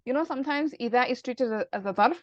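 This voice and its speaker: A woman's voice: high-pitched, racing, dry recording. Woman teaching grammar, dull dry audio. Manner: patient, explaining step by step with rhetorical questions. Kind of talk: online grammar lesson.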